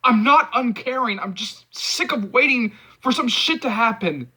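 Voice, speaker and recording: A man voicing a hot-tempered, drunk young man who snaps, curses and shouts. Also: very high-pitched, expressive, moderate pace, husky, voice pushed up, exaggerated voice. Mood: angry. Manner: snapping, cursing, shouting. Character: angry, volatile young man, drinking.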